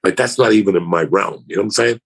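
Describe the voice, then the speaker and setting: Husky, gravelly man telling crude stories. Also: low voice, fast talker. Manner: crude, profane, animated anecdote-telling. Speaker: comedian guest. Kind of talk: casual podcast storytelling.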